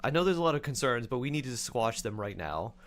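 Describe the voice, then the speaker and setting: A man's voice: mid-range voice, big pitch swings, fast talker, fairly bright tone. A man voicing a stern female office boss who speaks firmly in a businesslike way.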